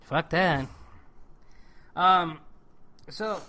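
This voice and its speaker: A man's voice: on the high side, drawn-out words, pushed and bright. A man co-hosting a casual podcast about a TV episode, teasing his friend and laughing often. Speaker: podcast co-host.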